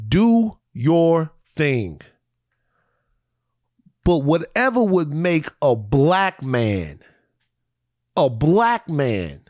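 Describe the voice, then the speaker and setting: A man's voice: high voice, dry recording, studio quality. A man co-hosting a podcast, talking in heated casual chat with impassioned emphasis and repeated phrases. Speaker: podcast co-host.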